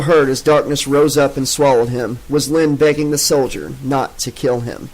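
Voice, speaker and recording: A man narrating an unabridged audiobook in a steady, even storytelling manner. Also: mid-range voice, moderate pace, few pauses, rough recording.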